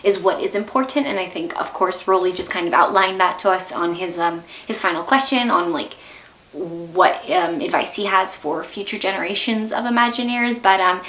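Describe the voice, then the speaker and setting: A woman's voice: lowish voice, normal speed, fairly bright tone, echoey room. A young woman hosting a video series, emotional and rambling as she wraps up an interview. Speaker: host. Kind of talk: vlog outro.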